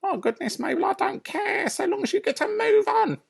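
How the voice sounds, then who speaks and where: Squeaky high bossy farmer's wife, snappy and impatient, storybook voice. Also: male voice, very animated, normal speed, creaky, full character voice.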